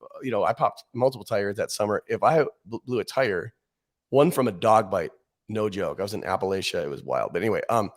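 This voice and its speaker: A man in his forties, a podcast guest telling rambling stories in casual chat, with frequent restarts. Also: on the low side. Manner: animated rambling storyteller, quick restarts.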